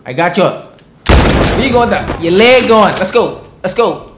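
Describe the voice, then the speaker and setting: A man giving let's play commentary, excitable and trash-talking the enemies, often bursting into shouts. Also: sits high, a little slow, roomy sound, heavy background noise. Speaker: gaming streamer.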